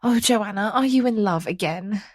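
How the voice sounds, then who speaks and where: Fretful mum, middle-aged, worried and scolding, as voiced by a woman narrator; husky and dry. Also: mid-range voice, very animated, moderate pace, no echo, voice pushed up. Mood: anxious, fretful. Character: anxious fretting middle-aged mother.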